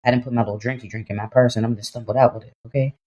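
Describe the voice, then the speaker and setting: Fast-talking young woman telling a story. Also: rumbling low, highs cut off. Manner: animated, laughing, acts out voices in her story. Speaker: podcast co-host. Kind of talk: casual storytelling chat.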